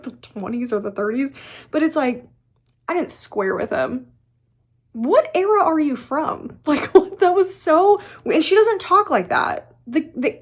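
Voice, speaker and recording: Chatty young woman, fillers and laughs. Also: high-pitched. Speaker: book vlogger. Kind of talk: casual chat.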